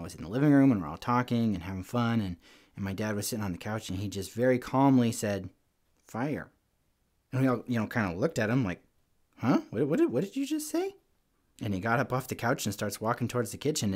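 Man, lower register, kids' show host; casual rambling storyteller. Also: darkish tone. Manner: rambling storyteller, many "like" and "you know". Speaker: children's segment host. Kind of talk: chatty talk to children.

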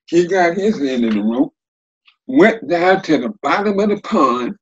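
Older man, folksy storyteller, slow unhurried telling, slightly muffled recording. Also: fairly high pitch. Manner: folksy, lively, dialect-rich telling. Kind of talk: folktale storytelling.

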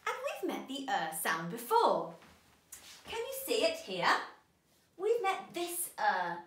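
A woman leads a children's phonics lesson, animated and encouraging, drawing sounds out slowly. Her voice is a little high, and the room is echoey.

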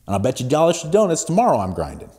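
Solo podcast host, male, forties; warm, low-brightness voice, energetic delivery that drops quiet then punches up. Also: very fast. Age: 40s. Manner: emphatic, profane, swings between hushed and loud. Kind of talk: solo motivational podcast talk.

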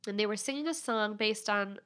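A woman's voice: mid-range voice, brisk, sharp tone, clean tone. A woman in her thirties, a podcast guest candidly telling a personal story.

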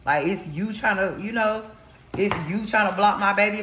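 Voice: medium pitch, moderate pace, background noise. A tarot reader giving a casual spiritual reading, talking bluntly with lots of slang and cursing and repeating points for emphasis. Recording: roomy echo.

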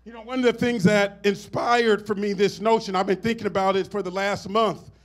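A man's voice: high-pitched, flat delivery, brisk. A middle-aged man preaching a sermon, swelling into emphatic phrases and turning to the congregation with asides and amens. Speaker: pastor.

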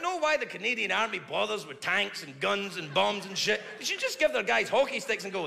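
A male comedian doing profane, animated stand-up in a large theater before a live audience. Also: high-pitched, fairly quick, vocal fry, few pauses, background noise. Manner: profane, animated, mock-indignant. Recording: echoey hall, loud crowd laughter.

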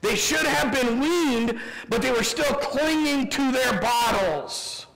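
A man with a Midwestern American accent, preaching a sermon as pastor, animated and humorous with quick asides. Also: extremely high pitch, gravelly, noisy background. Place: church sanctuary. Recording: church sanctuary with long reverb.

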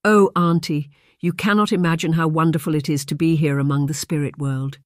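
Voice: medium pitch, steady tone, fairly quick, dry recording, clean studio sound, lightly acted. An audiobook narrator voicing an eager, dreamy young English lady who gushes with wonder. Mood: excited. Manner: gushing, wide-eyed.

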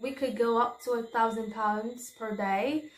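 A woman's voice: fairly high pitch, steady tone, measured pace, lightly acted. A woman voicing a polite, formal older British lady as part of a storytime vlog. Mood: politely insistent. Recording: roomy echo.

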